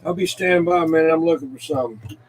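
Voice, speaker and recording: A man's voice: fairly high pitch, very fast, a little hiss or hum, poor audio. A man, talking in a laid-back, matter-of-fact way as a CB radio operator. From South Carolina, US. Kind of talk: casual CB radio chat.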